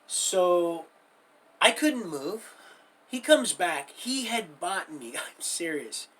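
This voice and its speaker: A man's voice: high-pitched, big pitch swings, slow pace, a bit bright, husky. A middle-aged man hosting a livestream, telling his life story in a rambling, folksy way and drifting into preaching at his viewers. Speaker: livestream host.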